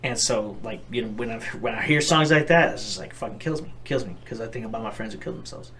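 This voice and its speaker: A man's voice: fairly low pitch, fast talker, crowd noise. Profane, rambling young man on a podcast. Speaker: podcast co-host. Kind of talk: casual chat.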